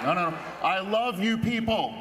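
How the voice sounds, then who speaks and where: A man's voice: sits high, moderate pace, echoey room. A man emceeing a dinner in a large auditorium through a stage mic, teasing the crowd in a playful way. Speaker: event emcee. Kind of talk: stage emcee speech with jokes. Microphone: stage microphone over PA. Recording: noisy auditorium PA recording.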